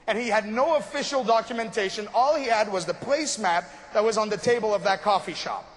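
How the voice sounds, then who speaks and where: A man's voice: high voice, a little fast. A young man from Montreal, telling a story about his start in business in a casual, joking way. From Montreal, Canada. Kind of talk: motivational storytelling talk.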